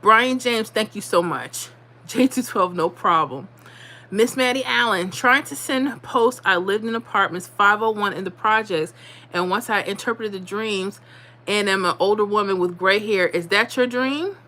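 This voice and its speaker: Lady chatting on her livestream, blunt and pep-talky, mid pitch, repeats stuff a lot. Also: moderate pace, pushed and bright. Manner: blunt, motivational, talks straight to viewers; repeats herself, drops into dialect. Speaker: livestream host. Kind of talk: casual livestream chat.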